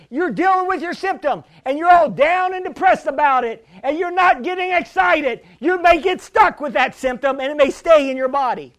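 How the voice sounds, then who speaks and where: A pastor preaching a healing sermon, fervent and often shouting, calling for responses from the congregation. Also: male voice, extremely high pitch.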